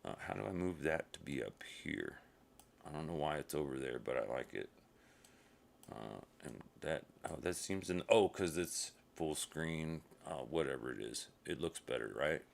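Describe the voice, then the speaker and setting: Low gravelly rambling man. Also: expressive, normal speed. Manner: wandering, self-interrupting, mutters to himself; uses minced oaths. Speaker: solo streamer. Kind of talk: rambling casual monologue.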